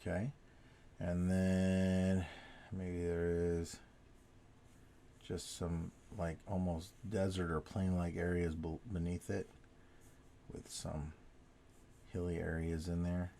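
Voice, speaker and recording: A man's voice: low-pitched, completely flat delivery, slow, vocal fry, long pauses, mellow, a little hiss or hum. A man talking casually as he draws, rambling and self-correcting as he goes. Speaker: artist drawing on video. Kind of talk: casual talk while drawing.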